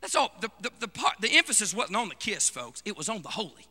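A male preacher delivering a fervent sermon, swinging from shouted exhortation to hushed, intimate asides. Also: high-pitched, sing-song, quick pace, long reverb tail.

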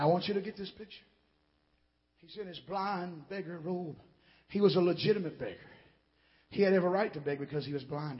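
A man preaching a revival sermon in a church service, building from quiet storytelling to fiery shouted cries. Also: high-pitched, big-room sound, highs cut off.

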